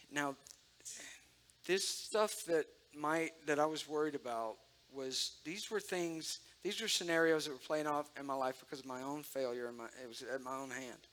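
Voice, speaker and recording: Bright-voiced man giving heartfelt testimony. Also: a little high. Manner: conversational, emotional, addresses the audience directly. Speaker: speaker sharing testimony. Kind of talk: sermon-style personal testimony.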